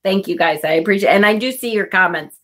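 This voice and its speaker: A woman's voice: mid-range voice, fast, a bit bright. A woman vlogger telling a personal story in a casual, chatty way, swearing and laughing often.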